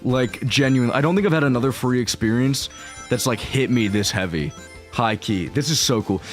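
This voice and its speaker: A young man gushing through let's-play commentary, casual and excited, with slang and swearing. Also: mid-range voice, fairly quick, faint music behind. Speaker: gaming streamer.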